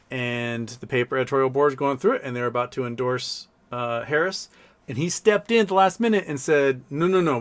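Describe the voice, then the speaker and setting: Viewer messages get read aloud on a laid-back live stream by a medium-pitched male host. His replies are crude, mocking and blunt.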